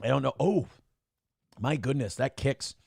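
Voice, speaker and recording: A man hosting a live show, reading chat donations in a loud, joking manner with sudden shouts and low asides. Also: lively intonation, unhurried, vocal fry, slightly rough, dry recording, clean studio sound. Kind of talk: casual livestream chat.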